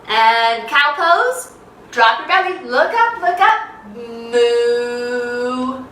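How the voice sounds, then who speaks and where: High, slow, bright-voiced woman teaching kids yoga. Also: sing-song, echoey room, far from the mic, slight background noise, poor audio. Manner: bright, playful, sing-song teacher voice with animal sounds. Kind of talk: children's yoga lesson.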